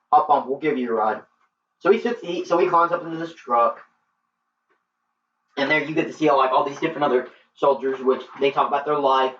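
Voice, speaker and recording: A man's voice: mid-range voice, fairly bright tone, slight background noise. A man giving a casual film review, retelling the plot in a rambling way and filling his talk with "like". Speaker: movie reviewer. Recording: roomy, distant, dull lo-fi sound.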